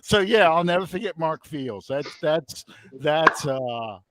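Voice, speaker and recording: A middle-aged man hosts a podcast with noise in the background, his rather high voice moving slowly. He tells a story casually and animatedly, acting out each quote.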